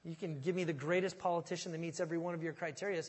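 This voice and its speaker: The pastor races through his expository sermon in a slightly high voice whose intonation stays fairly even. He sounds folksy and conversational, frequently restarting words while thinking aloud, and the recording carries a large hall's long reverb.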